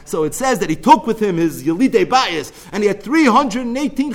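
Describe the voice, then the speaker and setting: A man teaching a Talmud lecture, telling its story in an animated way. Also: sits high, a little fast, hardly any pauses.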